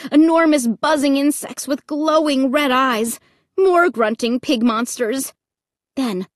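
A woman narrating a first-person audiobook in a dramatic, expressive reading that breaks into shrieks. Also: sits high, no echo, clean studio sound.

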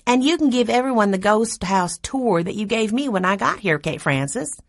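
A friendly young woman student, voiced by a woman in an audiobook, talking in a lively, upbeat way. The voice is a little husky and the sound close and dry. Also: mid-range voice, normal speed, no echo, voice pushed up.

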